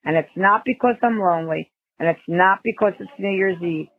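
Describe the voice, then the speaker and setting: A man's voice: high-pitched, moderate pace, dry recording. An earnest man declaring love. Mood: tender. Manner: heartfelt, tender, steady build. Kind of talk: film dialogue. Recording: phone-quality film clip.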